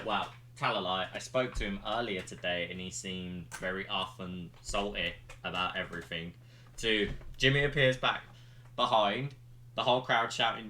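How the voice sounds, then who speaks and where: A man's voice: deep voice, moderate pace, sharp tone. A man hosting a podcast, giving a rambling play-by-play recap full of ums and likes. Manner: rambling play-by-play retelling with fillers. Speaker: podcast host reviewing wrestling. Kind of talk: casual recap.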